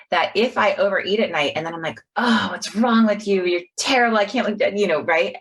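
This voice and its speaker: A woman's voice: low voice, slightly rough. A middle-aged woman psychologist talking in an earnest way, explaining ideas through personal stories on a podcast call. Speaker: guest, psychologist. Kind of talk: podcast conversation.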